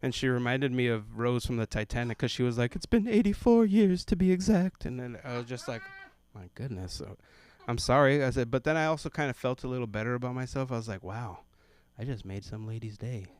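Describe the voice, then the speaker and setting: At an open mic, a stand-up comedian in his thirties tells family stories, briefly slipping into voices for the relatives in them. His mid-range voice is clean in tone and brisk, with few pauses.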